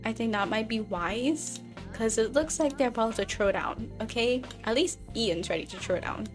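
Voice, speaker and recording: A woman gives casual let's-play commentary, chatty and playful and quick to laugh. Her voice sits fairly high. Soft music runs faintly underneath. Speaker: gaming video creator.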